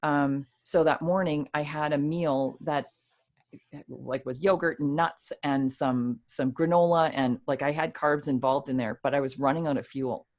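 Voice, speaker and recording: Woman, low pitch, casual storytelling, animated, host monologue. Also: normal speed. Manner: animated, laughs while telling story. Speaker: show host.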